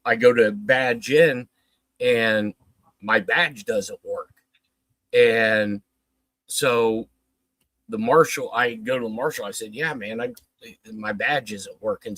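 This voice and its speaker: A man's voice: medium pitch, dry recording, poor audio. A man casually telling a long story on a livestream, swearing often and acting out the dialogue. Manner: profane, animated retelling with quoted dialogue.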